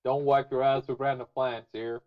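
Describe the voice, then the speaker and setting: A man co-hosting a gaming podcast in casual chat, joking and excitable. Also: medium pitch, moderate pace, dull audio. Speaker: podcast co-host.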